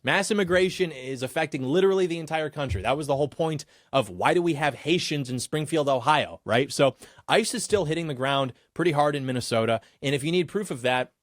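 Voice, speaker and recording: A man's voice: mid-range voice, dry recording, clean studio sound. A male host delivering a political commentary monologue in a combative, sarcastic manner.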